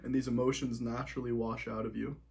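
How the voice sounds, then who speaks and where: A young man giving a calm self-help talk, soothing and gently coaching, repeating key phrases as he walks through simple steps. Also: medium pitch, fast, gravelly. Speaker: motivational speaker.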